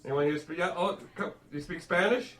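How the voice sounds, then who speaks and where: Guy doing stand-up, profane crowd work, high voice, roomy club heard from a distance. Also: a little fast, fairly bright tone. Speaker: stand-up comedian. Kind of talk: stand-up comedy set. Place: comedy club stage. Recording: roomy live club sound from off-mic.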